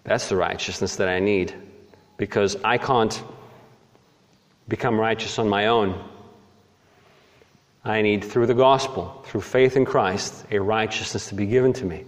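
A man's voice: lowish voice, fairly even intonation, unhurried, pauses often. Earnest male preacher in a reverberant hall. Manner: earnest, rising emphasis, rhetorical questions. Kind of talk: sermon.

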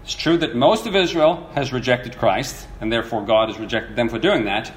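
A man preaching a sermon, telling a parable and reading verses in an animated, storytelling way, acting out the quoted voices. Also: mid-range voice, moderate pace, a little hiss or hum. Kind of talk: sermon teaching. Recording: echoey room with faint ambience.

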